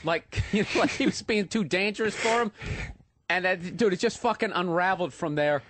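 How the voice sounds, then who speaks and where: A man with a Boston accent tells a comedy-club story in a loud, profane, laughing rush. His voice sits high for a man. The studio sound is dry and close. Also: moderate pace, no room sound. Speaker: guest co-host, comedian. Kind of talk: animated storytelling on radio.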